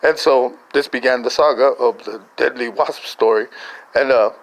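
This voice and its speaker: A man's voice: mid-range voice, normal speed, rough recording. An older man, a grandfather, telling a family story in a casual voice message, rambling and chuckling through many restarts.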